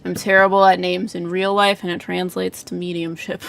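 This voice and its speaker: A woman's voice: fairly low pitch, little pitch movement, moderate pace, gravelly, a little hiss or hum. A woman giving live psychic readings in a casual livestream chat, full of "like" fillers, frequent laughs and casual swearing.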